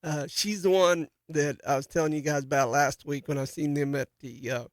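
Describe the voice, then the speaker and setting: A folksy man hosts a farm radio show, rambling along with plenty of fillers and restarts. His voice sits a bit high for a man. The sound is dry and close, from a studio mic. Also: steady tone, moderate pace, no room sound. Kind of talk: casual farm radio talk. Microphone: studio microphone.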